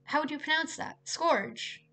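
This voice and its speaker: A woman's voice: high-pitched, measured pace, creaky, pushed and bright, soft background music. A young woman streaming herself playing a visual novel at home. She reads the game text aloud and breaks off into chatty, exasperated asides.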